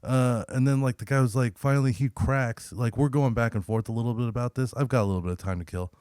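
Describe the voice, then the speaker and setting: Podcast co-host, young man, mid-pitched, dry close mic, swears freely and acts out quotes as he tells stories. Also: quick pace, clear, resonant tone, no room sound. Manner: profane, animated storyteller who acts out quotes. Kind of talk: casual storytelling chat.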